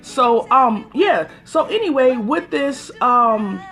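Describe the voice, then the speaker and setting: Her high, expressive voice moves at a slow pace with a fairly bright tone, and faint music plays behind her. She's a livestream host on a casual phone stream, telling an exasperated story while greeting viewers by name.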